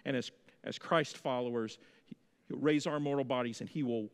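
A man in his thirties preaching a sermon in a church, telling folksy stories with lively energy. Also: mid-range voice, normal speed, smooth, in a large hall. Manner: folksy storytelling, animated. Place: church sanctuary.

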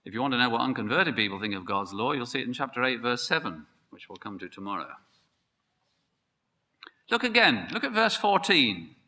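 A man preaching a sermon, emphatic and building to excited peaks. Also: medium pitch, brisk. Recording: long hall reverb.

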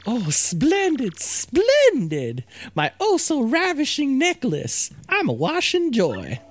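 Southern belle wind spirit, flirty and grand, high and very lively, a woman doing the voice. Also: slow, heavily acted. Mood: gushing. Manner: breathy, swooning, theatrical southern-belle drawl. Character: glamorous flirty female wind spirit diva. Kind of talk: let's play voice-over of game text.

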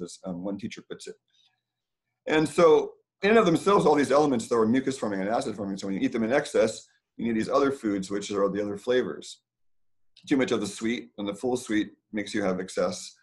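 A middle-aged man hosting a casual community talk from his house, rambling and digressing as he explains. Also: on the low side.

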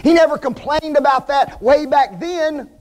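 A man's voice: very high voice, moderate pace. A man preaching a sermon to his congregation, emphatic and fond of rhetorical questions.

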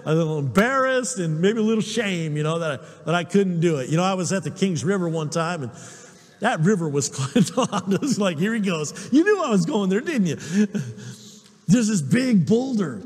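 Lively high-voiced preacher, husky tone. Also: male voice, big-room sound. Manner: animated storyteller, chuckles often. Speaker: pastor. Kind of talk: sermon with personal stories.

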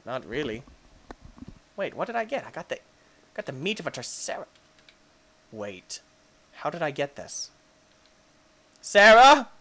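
A man hosting a gaming channel, giving excitable Let's Play commentary and cooing baby talk at his pets. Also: mid-range voice.

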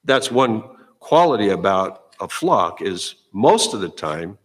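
A man's voice: on the low side, big pitch swings, slow, husky, big-room sound. A middle-aged male pastor giving a sermon in a church, talking to the congregation in a folksy, conversational way and often repeating words as he goes. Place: church sanctuary.

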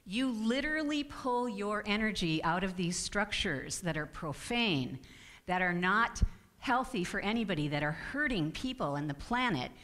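A woman's voice: mid-range voice, lively intonation, normal speed, fairly bright tone. A middle-aged woman giving an earnest, personal spiritual talk to a congregation, often breaking off and restarting her sentences. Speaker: guest speaker.

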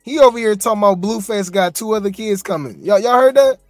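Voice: mid-range voice, expressive, fast talker, darkish tone, no echo, faint music behind. Incredulous gossip host on a dry mic. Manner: incredulous, chatty, slangy. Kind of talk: reaction commentary.

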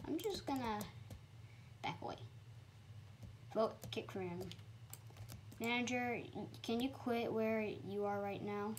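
A young woman giving chatty, excitable commentary while playing a computer game, with sudden high squeals. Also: takes it slowly, pauses often, a little hiss or hum. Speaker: gamer. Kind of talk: casual gameplay commentary.

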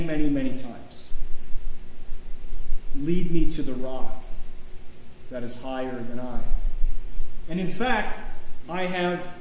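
A man's voice: a little high, slight background noise. A man preaching a sermon as pastor, in a conversational, folksy way with restarts and chuckles. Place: church sanctuary. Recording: very echoey church room, faint ambience.

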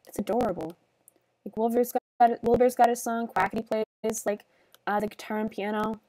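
Teary young woman streamer, soft and halting. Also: on the high side, steady tone, no room sound. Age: young adult. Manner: soft, halting and rambling, many fillers. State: tearful and sniffly. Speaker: livestreamer. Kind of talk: casual stream chat while gaming.

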